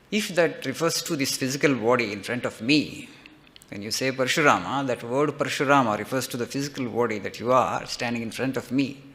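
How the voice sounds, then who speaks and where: A man voicing a calm old male forest sage who keeps asking pointed questions. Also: mid-range voice, lightly acted. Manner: patient, repeats pointed questions.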